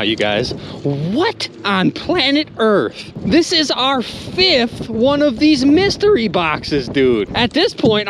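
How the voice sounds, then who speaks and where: Man, excitable outdoor vlogger, lively swooping pitch, casual, small river boat, faint outdoor noise. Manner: excitable, loud exclamations, addresses viewers as you guys and dude. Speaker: magnet fishing vlogger. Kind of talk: excited outdoor vlog commentary.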